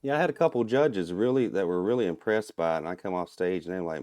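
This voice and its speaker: Deep-voiced man from Minnesota. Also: fast, no room sound. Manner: relaxed, explanatory, chuckles often. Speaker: guest, turkey call maker and calling champion. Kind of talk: casual podcast interview.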